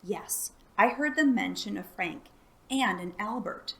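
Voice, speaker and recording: A woman voicing a friendly, eager young male dragon in a storybook, a little higher than her narration. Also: animated, a little slow, creaky, fairly bright tone. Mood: anxious.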